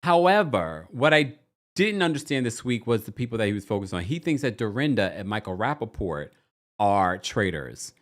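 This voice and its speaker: Guy doing a gossipy reality tv recap, chatty and animated, does the voices. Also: moderate pace. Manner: animated, gossipy, acts out quotes with big pitch swings. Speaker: podcast host. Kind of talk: casual recap chat to a live audience.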